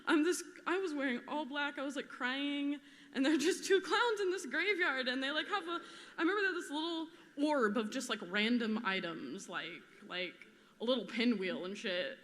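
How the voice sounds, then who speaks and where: A woman's voice: sits high, a bit bright. A young woman telling a memorial story casually, laughing often and filling with "like". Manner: laughing often, chatty with many fillers. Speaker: memorial speaker. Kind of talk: personal storytelling. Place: large theater. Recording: long reverb of a large hall.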